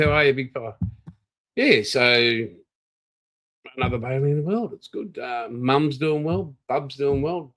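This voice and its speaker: Tired older aussie bloke chatting. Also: male voice, medium pitch, fairly bright tone, low-quality recording. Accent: Australian. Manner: rambling, chatty, greets viewers by name. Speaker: livestream host. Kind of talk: casual live-stream chat.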